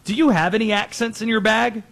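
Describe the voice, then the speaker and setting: A man hosting a sports show, talking through teams and players in quick, conversational commentary that often corrects itself. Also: high-pitched, steady tone, gravelly, a bit bright.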